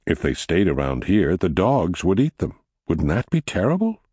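Man doing gentle young farmhand, reassuring, low voice, lively pitch. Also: normal speed, breathy edge, dry recording, studio quality, heavily acted. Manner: kind and reassuring.

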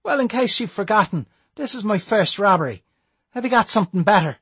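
Jumpy, clumsy young robber, pitched high and loud, husky grain, voiced by a man. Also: animated, brisk, no room sound, exaggerated voice. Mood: nervous. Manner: high, shaky and eager. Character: nervous young male robber, jittery and clumsy.

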